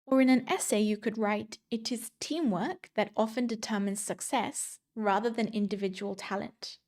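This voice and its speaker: A woman with a slightly high voice leads a scripted grammar lesson for exam students. She talks in a clear, measured way and slows down whenever she reads an example sentence aloud. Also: darkish tone. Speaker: English exam teacher.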